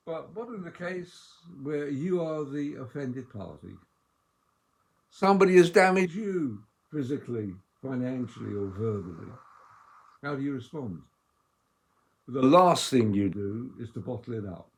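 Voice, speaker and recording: Man giving a measured, emphatic sermon. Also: mid-range voice, lively intonation. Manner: measured, emphatic delivery with strong dynamic swings.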